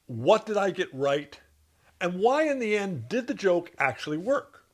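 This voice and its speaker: A man teaching comedy writing to camera, in an instructional talk with dry, deadpan asides. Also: high-pitched, measured pace.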